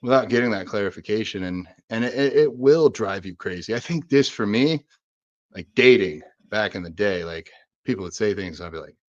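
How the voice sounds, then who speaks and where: Low-voiced man, dry dull mic. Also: expressive, fairly quick, no room sound. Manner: acts out quoted exchanges with big pitch jumps; self-deprecating, says he is an introvert. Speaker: podcast co-host. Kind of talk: casual chat.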